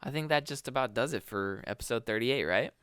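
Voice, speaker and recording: Laid-back dude cohosting a podcast, says bro a lot, average pitch, dry mic. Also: male voice, expressive, fairly quick, a bit bright, smooth, no room sound. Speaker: podcast co-host. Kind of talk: casual podcast chat.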